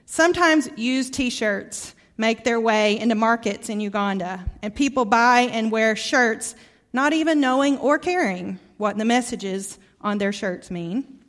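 A middle-aged woman from Arkansas with a Southern accent, preaching a heartfelt storytelling sermon as a guest preacher, often dropping soft and quiet. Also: on the high side, a little slow. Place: church sanctuary.

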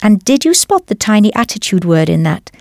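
Woman teacher for a studio language course; lively, encouraging delivery, dry booth sound. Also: medium pitch, brisk, no echo. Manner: clear, encouraging instruction. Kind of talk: scripted audio lesson.

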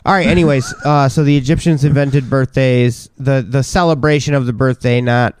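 A man co-hosting a casual comedy podcast, goofy and loud, breaking into silly noises and bits. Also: medium pitch, steady tone, normal speed, smooth, dry recording. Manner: goofy, mimics gun noises and bro voices. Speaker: podcast co-host.

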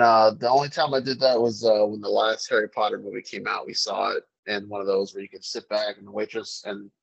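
A man in a casual chat, telling animated anecdotes and acting out the voices in them. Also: on the low side, gravelly, slightly rough, lo-fi sound.

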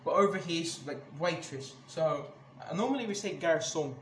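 High-voiced man ranting angrily on a podcast. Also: lively intonation, fairly quick, fairly bright tone. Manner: angry, swears a lot, many restarts. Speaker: podcast host. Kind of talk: casual ranting monologue. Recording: echoey room with clear background noise.

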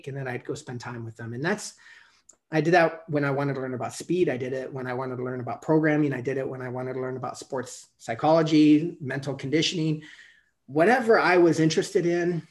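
A man's voice: medium pitch, brisk. Rambling middle-aged male coach. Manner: rambling, with many restarts and fillers. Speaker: coach, podcast guest. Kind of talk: casual storytelling interview.

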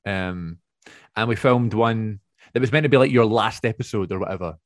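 A man's voice: fairly low pitch, moderate pace, no room sound, clean studio sound. A man hosting a podcast over a video call, talking in a chatty, rambling way and laughing often. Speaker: podcast host. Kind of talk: casual chat. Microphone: remote video call.

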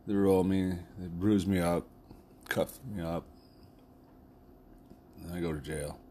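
A man's voice: low voice, slow, warm tone, slight background noise. A man telling a personal story in a casual, rambling way, swearing freely and laughing as he goes. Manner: profane, rambling, laughs often.

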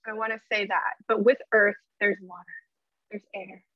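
Speaking as a guest on a podcast, a woman chats casually in an interview, earnest, effusive and emotional, with a medium-pitched, level voice at normal speed. There's no room sound, and the audio is dull and slightly lo-fi.

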